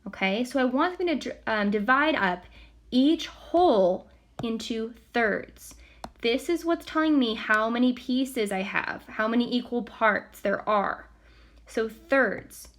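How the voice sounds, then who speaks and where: Woman, teacher, slow, patient, fairly high voice, counts softly aloud. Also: lively intonation. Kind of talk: recorded math lesson, step by step.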